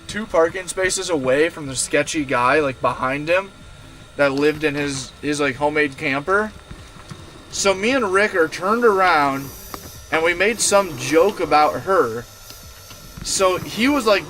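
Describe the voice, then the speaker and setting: A man tells a rambling, profane story to his stream chat from inside his camper van. His voice sits a little high for a man. A faint hiss of noise runs under it. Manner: profane, animated, rambling with many fillers. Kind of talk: casual storytelling to a live chat.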